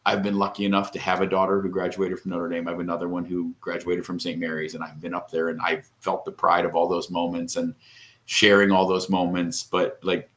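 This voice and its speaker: A man's voice: sits low, flat delivery, brisk, a bit bright. A middle-aged man co-hosting a podcast, telling a long, rambling, emotional story in casual chat and tearing up. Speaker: podcast co-host.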